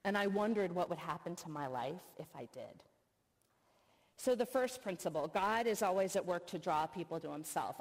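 Expressive woman preaching in a hall. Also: on the low side. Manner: storytelling, expressive, earnest. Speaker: speaker, professor. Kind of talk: sermon. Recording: long reverb of a hall.

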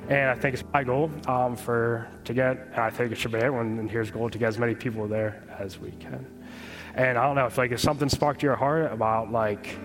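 A young man speaks to a church gathering in a relaxed, unpolished way. He fills his sentences with "like" and "kinda", as if he is chatting with friends. His voice sits at a middle pitch for a man. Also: long reverb tail. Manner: informal, many fillers like "like" and "kinda". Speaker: speaker giving a testimony talk. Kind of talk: casual sermon.

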